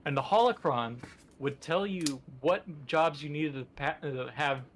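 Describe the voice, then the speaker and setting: A man's voice: on the high side, unhurried, slight background noise. A man co-hosting a podcast in casual chat, rambling with enthusiasm and lots of fillers. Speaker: podcast co-host.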